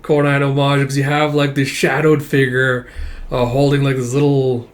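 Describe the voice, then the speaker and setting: A man's voice: mid-range voice, little pitch movement, normal speed. A man casually reading a manga chapter aloud and commenting on it, rambling with laughs and sweary asides. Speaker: manga reviewer.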